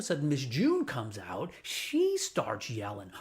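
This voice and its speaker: A man from New Orleans telling a personal childhood story with a lesson, in an animated and playful way. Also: medium pitch, slow. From New Orleans, USA.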